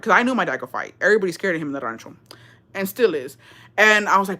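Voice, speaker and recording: This young woman's mid-range voice moves fast as she livestreams a story to viewers. She's animated and profane, and Spanish phrases pop up in her telling.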